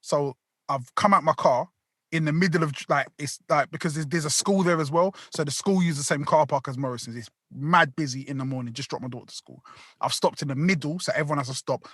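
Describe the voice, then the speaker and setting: A man telling animated, sweary stories in a casual podcast chat. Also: fairly high pitch, brisk, husky, no echo, clean studio sound. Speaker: podcast co-host.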